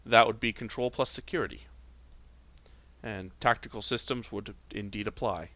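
A man's voice: on the low side, steady tone, normal speed, sharp tone, highs cut off. A man narrating as game master of a tabletop role-playing game, with a hesitant, filler-laden delivery.

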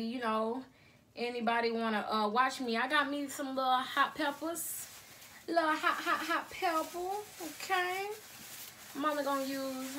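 High bright-voiced chatty young woman vlogger. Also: slight background noise. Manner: chatty, addresses viewers as y'all, repeats okay. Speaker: mukbang vlogger. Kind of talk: casual chat to viewers. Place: her bedroom. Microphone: cell phone.

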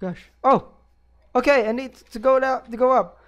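A man's voice: very high voice, normal speed, fairly bright tone, muffled recording. A man commentating a horror game playthrough, jumpy and easily startled, gasping, yelping and laughing nervously as he plays. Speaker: let's play gamer.

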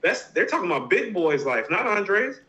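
A man's voice: sits high, very animated, moderate pace, over a noisy crowd. A man co-hosting a podcast, arguing his points in an emphatic, insistent way during a casual debate. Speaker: podcast co-host. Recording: roomy, dull lo-fi sound.

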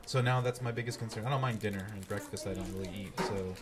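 A man teaching a class and hosting the show, asking questions in a relaxed, playful, teasing way. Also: fairly low pitch, quick pace, loud music behind the voice.

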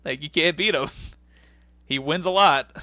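A man with a bright, forceful voice chatting as a podcast co-host, laughing often and turning incredulous as he recaps. The sound is dry and close, with no room around it. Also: a little high, measured pace, dry recording. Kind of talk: casual chat recapping wrestling.

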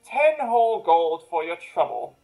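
A woman's voice: lowish voice, big pitch swings, moderate pace, warm tone, faint music behind, poor audio. A woman voicing a bitter, scheming male wizard's former apprentice who rants indignantly. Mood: wheedling. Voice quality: indignant, ranting.

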